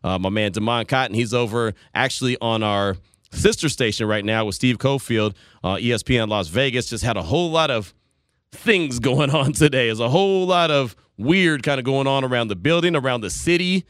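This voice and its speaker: A man's voice: mid-range voice, moderate pace, a bit bright, no echo, clean studio sound. A man hosting a sports talk radio show, chatting loosely and rambling between listener messages and calls. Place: radio studio. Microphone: studio microphone.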